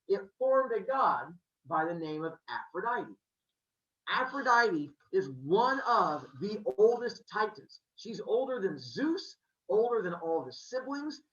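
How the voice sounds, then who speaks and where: A man's voice: high-pitched, reverberant. Guy teacher hamming up greek myths for his class, muffled lo-fi classroom recording. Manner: jokey, animated storyteller quizzing students. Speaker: middle school teacher. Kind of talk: classroom lesson on mythology.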